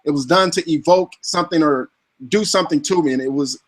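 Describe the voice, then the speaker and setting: A man hosting an interview, asking long searching questions with halting restarts. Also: fairly high pitch. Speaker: interview host.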